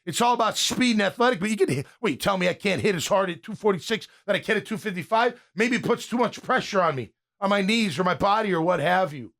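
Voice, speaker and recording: A man in his fifties with a high voice hosts a casual sports talk show. He rants in a fired-up way, often starting his sentences over as he goes. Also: animated, quick pace, hardly any pauses, fairly bright tone. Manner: fired-up, ranting, with frequent restarts. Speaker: podcast host and former pro linebacker.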